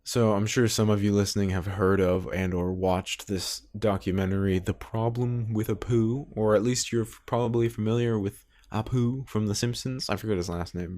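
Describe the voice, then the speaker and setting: A man's voice: fairly low pitch, a little mellow. A young man co-hosting a casual podcast, cracking wry jokes and swearing as he tells a story about a college class. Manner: wry, joking asides, profane. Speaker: podcast co-host.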